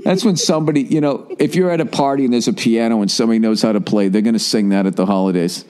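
A man's voice: lowish voice, fast talker, dark tone. A man in his forties hosting a podcast, telling comic stories in a casual, profane way and laughing at his own jokes. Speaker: podcast host. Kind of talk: casual comedic storytelling.

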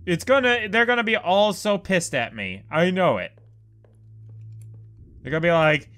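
A man giving let's play commentary on a horror game, excitable and prone to profane outbursts. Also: on the high side, measured pace, long pauses, soft background music. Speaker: gameplay commentator.

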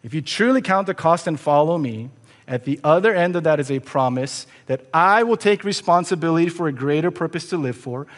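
Long church reverb surrounds a man preaching in a sanctuary, his voice a little high, animated, and fairly quick. As pastor, he speaks earnestly and conversationally, firing pointed rhetorical questions at his listeners.

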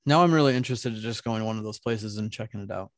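A man's voice: fairly low pitch, very fast, no echo, studio quality. A young man co-hosting a casual podcast chat, talking loosely, teasing and swearing freely. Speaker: podcast co-host.

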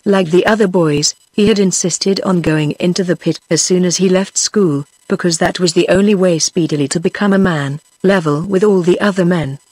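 A text-to-speech woman's voice with a British English accent, reading a novel aloud in a steady, even manner. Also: fairly low pitch, normal speed, few pauses, husky, no room sound. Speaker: audiobook narrator.

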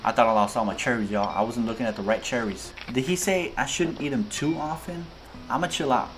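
A man hosting a gaming video, giving excitable, slangy let's-play commentary straight to his viewers. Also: mid-range voice, brisk, slight background noise. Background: game music.

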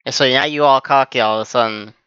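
Male reaction host, excitable, talks at the screen, bright edgy tone, dull dry mic. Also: medium pitch, fast, smooth, dry recording. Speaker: anime reaction channel host. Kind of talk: live reaction commentary.

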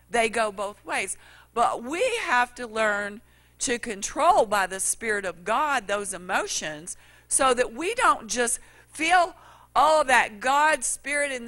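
A woman preacher giving a sermon, telling a personal story with animated delivery and questions to the congregation. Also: on the high side.

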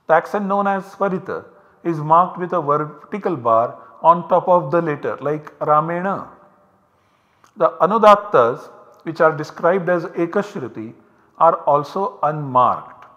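Male lecturer, bright and fairly high voice, explains step by step. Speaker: university lecturer. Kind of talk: recorded academic lecture. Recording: long hall reverb.

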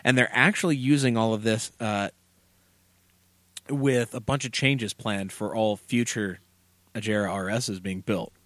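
A man's voice: lowish voice, steady tone, a little slow, fairly bright tone, no echo. A man co-hosting a casual car podcast, rambling through stories with lots of fillers, recorded in a basement studio. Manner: rambling, filler-heavy storytelling. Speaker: podcast co-host.

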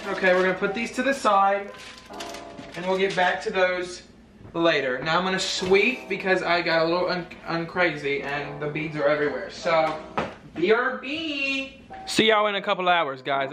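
A man chatting casually to camera in a vlog, dramatic and slangy as he talks. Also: on the high side. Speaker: vlogger.

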